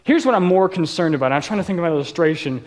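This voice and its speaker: A man's voice: fairly high pitch, lively intonation, fast talker. A man preaching a sermon as pastor at a live church service, casual and joking as he tells personal stories. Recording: long reverb of a large church hall.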